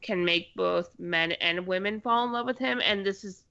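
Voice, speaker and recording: A woman co-hosting a casual movie review podcast, calmly giving her own take. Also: mid-range voice, normal speed, creaky, highs cut off. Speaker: podcast co-host.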